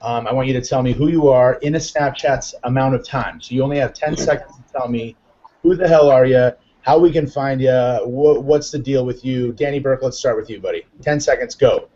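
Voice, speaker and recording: Upbeat excitable male show host. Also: medium pitch, brisk, lo-fi sound. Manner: excitable, upbeat, rambling with fillers. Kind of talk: live online chat show.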